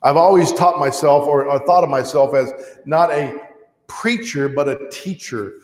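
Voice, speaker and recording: A man's voice: a little high, normal speed, a little mellow. Man preaching in an echoey church hall. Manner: conversational, plain teaching delivery with wry asides. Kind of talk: teaching sermon. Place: church sanctuary.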